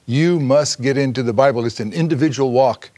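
A man's voice: medium pitch, a little fast, dark tone. A man co-hosting a Bible discussion, adding his points earnestly and with emphasis. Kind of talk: conversational Bible teaching.

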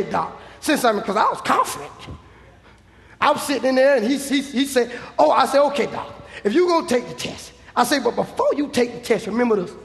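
Shouting high-voiced male preacher, gravelly. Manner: shouting, emphatic, acts out dialogue. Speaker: evangelist preacher. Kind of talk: sermon. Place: church. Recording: echoey church hall.

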